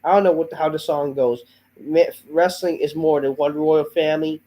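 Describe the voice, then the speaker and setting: A man's voice: on the high side, steady tone, moderate pace, dark tone, low-quality recording. A man hosting a wrestling review show, ranting in a profane, exasperated way while feeling under the weather, his voice a bit off.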